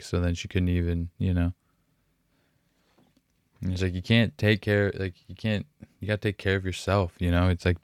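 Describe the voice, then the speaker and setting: A deep, smooth-voiced young man hosts a podcast in a dry, close-sounding room. He speaks in halting, emotional bursts, swearing and restarting his sentences, often sighing between thoughts. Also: dry recording. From Canada. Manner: halting, profane, full of fillers and restarts. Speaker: podcast host. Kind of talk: candid emotional podcast talk.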